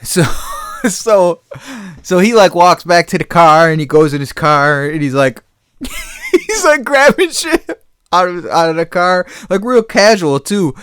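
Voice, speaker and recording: A man's voice: high-pitched, huge pitch swings, slow, fairly bright tone, clean tone, no room sound, clean studio sound. A middle-aged man hosting a podcast, telling a story casually and profanely and laughing often. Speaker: podcast host.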